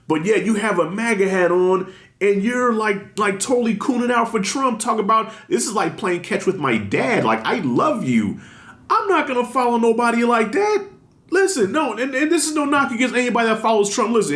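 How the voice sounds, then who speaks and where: A man giving blunt, animated commentary in a casual vlog, talking with heavy slang and strong emphasis. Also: extremely high pitch, brisk. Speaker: commentary vlogger. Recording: roomy echo.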